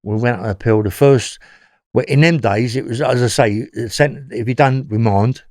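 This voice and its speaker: A man's voice: medium pitch, moderate pace, a little mellow, no room sound, studio quality. A man with a London accent telling his story as an interview guest, rambling and often checking in with "yeah?".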